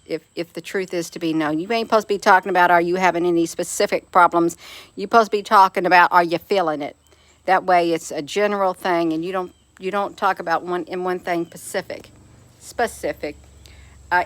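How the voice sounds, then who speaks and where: A woman's voice: mid-range voice, a bit bright. Middle-aged woman host, folksy and chatty, addresses live viewers as honey, laughs easily. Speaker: livestream host reading viewer comments. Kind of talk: casual live chat.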